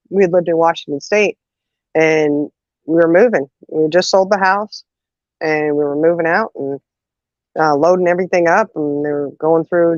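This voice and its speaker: A woman's voice: sits low, no echo. A woman hosting a casual chat, telling family stories with lots of laughter and "you know"s, acting out the voices of the people in them. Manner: lively storyteller who acts out quotes, laughs often, says "you know" a lot. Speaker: host. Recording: dull, muffled audio.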